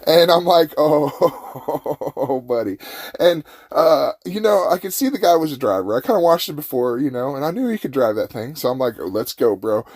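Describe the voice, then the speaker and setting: Man, casual storyteller, rambling and folksy, warm mellow tone, dry room. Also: on the high side, sing-song, brisk, hardly any pauses, dry recording. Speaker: host telling a personal story.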